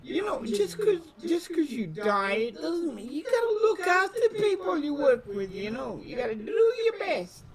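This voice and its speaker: A man doing a high-pitched, wildly swooping adventurer voice for a tabletop game, chatty and quick to fret over his companions. He rambles and fusses in a lively, animated way. Crowd chatter carries behind him. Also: heavily acted. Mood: pleading. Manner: rambling, emotional, tea-loving banter. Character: fussy caring male adventurer, chatty and excitable.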